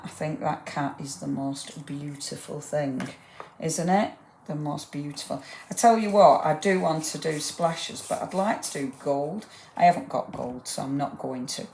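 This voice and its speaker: A woman with a low voice hosts a live craft demonstration. She talks in a warm, rambling, enthusiastic way and chats to her viewers as she works. The sound is roomy, with a faint hum of background ambience. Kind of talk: chatty live craft demo. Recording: roomy echo.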